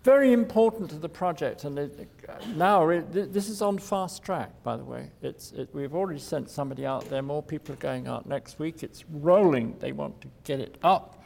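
Wry architect lecturing in a hall. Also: male voice, a little high, animated, moderate pace, creaky, hardly any pauses, a little mellow. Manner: wry, digressive, chuckles at his own jokes. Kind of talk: informal public lecture.

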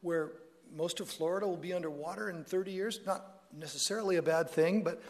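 A man's voice: sits high, fairly quick. A man giving a public talk to an audience, conversational and prone to joking asides and self-corrections. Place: lecture hall with an audience. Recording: long reverb of a large hall.

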